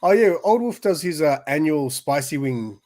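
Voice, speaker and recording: A man's voice: on the high side, animated, normal speed, warm tone. A young man co-hosting a casual podcast chat, telling rambling stories full of restarts and fillers. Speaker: podcast co-host.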